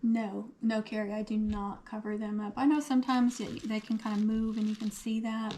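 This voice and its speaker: A woman hosting a casual craft livestream, her voice a little hoarse, chatting and answering viewer comments as she works. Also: medium pitch, level tone, moderate pace, mellow, a little hiss or hum. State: losing her voice.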